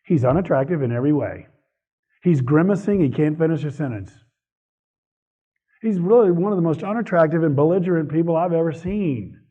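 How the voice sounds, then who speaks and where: A man giving a live talk to an audience, animated and opinionated, laughing between points. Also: fairly high pitch. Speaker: speaker on economic policy. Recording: husky voice over a tinny phone-like line.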